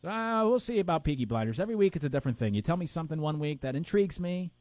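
A man's voice: fairly high pitch, expressive, racing, darkish tone, dry recording. A man co-hosting a casual chat show, rambling and hunting for names with plenty of fillers. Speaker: podcast co-host.

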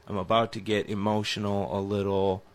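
Gravelly low-voiced man in chatty radio banter. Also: level tone, brisk. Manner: chatty, rambling, teasing, interrupts. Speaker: sports radio co-host. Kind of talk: casual sports radio banter.

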